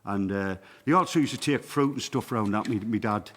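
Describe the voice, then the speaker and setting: A man's voice: lowish voice, normal speed, fairly bright tone, in a large hall. A man in his sixties with a Sunderland accent, a folk singer chatting in jokey broad dialect between songs at a small livestreamed venue. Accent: Sunderland (Mackem). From Sunderland, England. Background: acoustic guitar.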